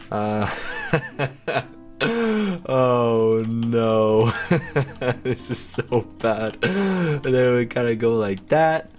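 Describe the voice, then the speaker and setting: A man giving casual gameplay commentary as a video host, chatty and self-mocking, laughing often as he goes. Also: on the low side. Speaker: gaming YouTuber.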